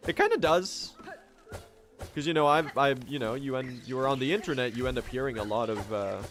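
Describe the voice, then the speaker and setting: A man's voice: medium pitch, fairly quick, faint music behind. A man from Sweden with an American-sounding accent, chatting casually with his viewers while speedrunning a game and swearing now and then. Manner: chatty, swears, answers chat questions. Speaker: streamer.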